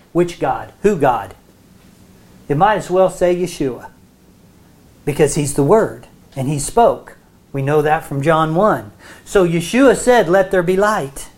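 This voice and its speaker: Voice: mid-range voice, darkish tone. A Bible teacher giving a sermon, often checking in with listeners and restarting phrases as they explain. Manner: frequent check-ins with listeners.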